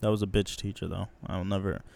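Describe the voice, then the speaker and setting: A young man hosting a casual solo podcast, telling a childhood story in a slangy, profane way and acting out quotes in a higher voice. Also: little pitch movement, quick pace, creaky, darkish tone, no echo. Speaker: podcast host.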